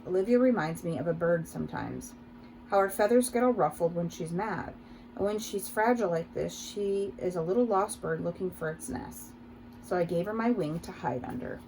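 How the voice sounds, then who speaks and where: Woman reading a novel out loud, steady and thoughtful, warm low tone. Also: slight background noise, poor audio. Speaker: audiobook reader. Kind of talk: first-person audiobook narration.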